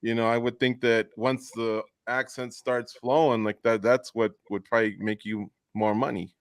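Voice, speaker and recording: Smooth-voiced man hosting a radio chat. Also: mid-range voice, little pitch movement, moderate pace, no room sound, studio quality. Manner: joking, rambling questions. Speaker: radio show host. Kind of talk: casual interview.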